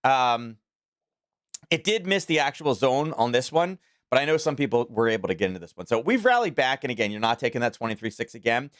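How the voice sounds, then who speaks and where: A man's voice: mid-range voice, sing-song, brisk, fairly bright tone, no echo, studio quality. A man from Maryland hosting a live trading stream, talking in a casual, rambling way with many fillers and restarts. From Maryland, USA. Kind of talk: casual live market commentary.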